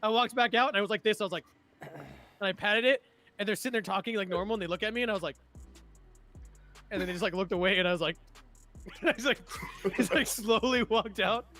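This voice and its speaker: A young man telling army stories in casual chat, profane and laughing often, acting out shouting sergeants. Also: high-pitched, fast, long pauses, soft background music. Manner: animated, acts out sergeants' shouts. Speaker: streamer and army veteran.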